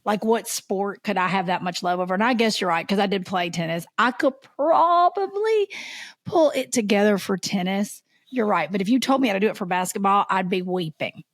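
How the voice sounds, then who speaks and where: A woman, co-hosting a podcast and telling lively stories in casual chat. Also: mid-range voice, fairly quick, no echo, clean studio sound. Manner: animated storyteller, acts out voices. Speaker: podcast co-host.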